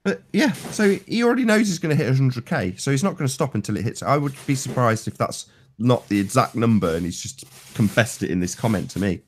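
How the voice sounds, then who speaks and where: A man hosts a loose chat in a lively, swinging voice. He mocks and jokes, laughs often, and acts out the lines he reads in a mid-pitched tone. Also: a little fast, a little hiss or hum. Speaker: host of a chat stream. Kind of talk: casual mocking chat.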